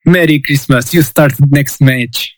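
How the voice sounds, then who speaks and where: A man's voice: mid-range voice, unhurried, no room sound, natural voice. A man putting on the voice of a grown male footballer handing out a gift, in a playful, failed stab at a Dutch accent. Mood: teasing.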